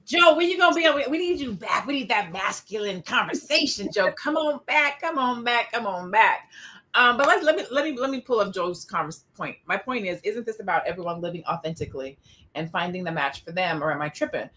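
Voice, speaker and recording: A woman hosting a casual discussion show, animated and opinionated, who reads out stats and tells stories about herself. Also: medium pitch, brisk. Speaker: podcast host.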